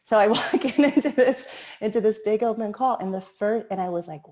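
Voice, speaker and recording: A woman's voice: mid-range voice, fairly quick, mellow. A woman on a panel sharing a story about an audition, casual and chatty, with frequent fillers. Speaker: panel guest, performer.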